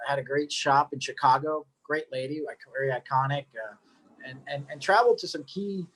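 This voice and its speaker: A man's voice: a little high, fairly quick, a bit bright. A middle-aged man casually telling his story as a cigar maker, rambling with joking asides and lots of fillers.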